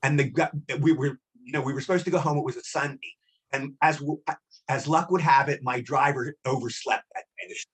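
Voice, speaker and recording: Fast-talking husky man in his sixties. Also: mid-range voice, low-quality recording. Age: 60s. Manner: animated, rambling with repeats. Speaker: guest actor. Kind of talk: casual anecdotal storytelling.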